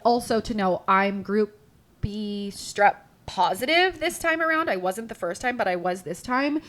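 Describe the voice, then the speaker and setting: A woman hosting a podcast, telling a personal story in a chatty, animated way, full of "like" and acted-out quotes. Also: medium pitch, unhurried. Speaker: podcast host.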